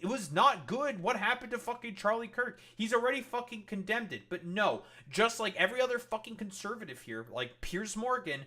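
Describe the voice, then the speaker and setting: Bright-voiced man ranting angrily. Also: high voice. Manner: angry, heavy swearing. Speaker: streamer. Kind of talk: ranting commentary over clips.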